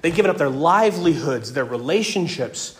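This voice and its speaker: A man preaching a sermon and teaching from scripture, earnest, doubling words for emphasis and moving between loud stress and hushed tones. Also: on the high side, expressive, brisk. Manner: earnest, repeats words when stressing a point. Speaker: pastor.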